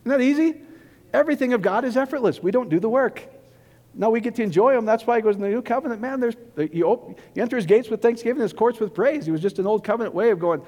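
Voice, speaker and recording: A man preaching a casual, joking sermon, rambling and excitable, giddy from too little sleep. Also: sits high, fast talker. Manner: rambling, excitable, long-winded. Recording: long reverb of a large hall.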